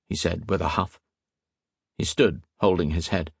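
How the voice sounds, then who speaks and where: A man narrating an audiobook in a measured, expressive way. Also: low-pitched, vocal fry, breathy edge, no echo, studio quality. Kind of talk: scripted narration.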